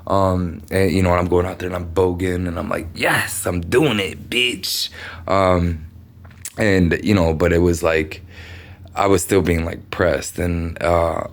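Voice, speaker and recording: A man's voice: sits low, level tone, unhurried. A man from the United States talking through a meandering personal monologue, swearing often and leaning on fillers. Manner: meandering, profane, many fillers.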